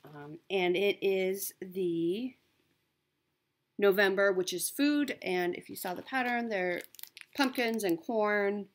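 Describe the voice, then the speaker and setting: A woman's voice: medium pitch, slow pace. A woman chatting casually as a cross stitch vlogger, upbeat and talkative, with frequent ums and self-corrections. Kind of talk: casual show-and-tell chat.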